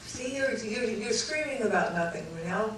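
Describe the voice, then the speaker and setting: A woman voicing her husband, a steady and slightly teasing pilot, as she retells their story. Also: fairly high pitch, normal speed, a little hiss or hum, natural voice. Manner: steady, reassuring, a little teasing. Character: calm, teasing husband flying a small plane. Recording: echoey hall recorded from far off.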